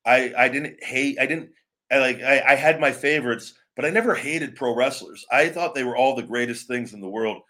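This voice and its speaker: At a moderate pace and in a mid-range voice, a man hosting a live wrestling stream berates online trolls with plenty of cursing. After that he shifts to a calmer, rambling commentary marked by restarts.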